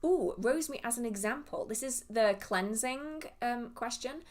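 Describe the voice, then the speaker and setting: A woman's voice: a little high, moderate pace. A young woman from England with a southern English accent, hosting a live witchcraft Q&A stream and answering viewer questions in a chatty, rambling way. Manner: chatty, rambling, goes off on tangents. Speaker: witchcraft Q&A livestream host. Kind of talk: casual livestream chat answering viewer questions.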